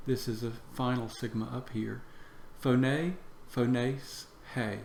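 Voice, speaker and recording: A man teaching Greek vocabulary in a slow lesson. He repeats each word for drill and fills pauses with "uh". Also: medium pitch, little pitch movement, gravelly. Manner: slow, repeats words for drill, many "uh" fillers. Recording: echoey room with faint background noise.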